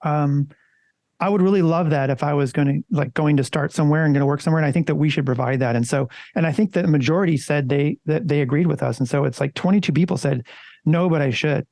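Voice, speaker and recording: A man co-hosting a podcast in a loose, casual way, with the odd curse thrown in. His voice sits a bit high and has a gravelly, crackly edge. The sound is dry and close, with no room around it. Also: fast, dark tone, no room sound. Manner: conversational, loose and swearing. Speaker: podcast co-host.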